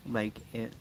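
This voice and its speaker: A man's voice: mid-range voice, mellow, a little hiss or hum. Blunt, profane man livestreaming. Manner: blunt, profane, laughs often. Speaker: livestream host. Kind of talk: casual livestream chat, reading comments.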